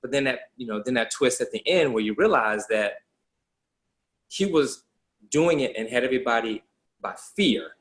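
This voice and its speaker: A man's voice: mid-range voice, expressive, normal speed, pauses often, a bit bright. Thoughtful man talking movies. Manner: thoughtful, restarts sentences. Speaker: podcast guest. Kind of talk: casual movie discussion.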